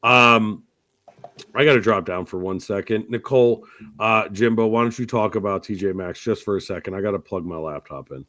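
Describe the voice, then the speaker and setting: A man hosting a casual podcast chat, telling rambling, profane comic stories with loud outbursts. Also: lowish voice, moderate pace, no echo. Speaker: podcast host.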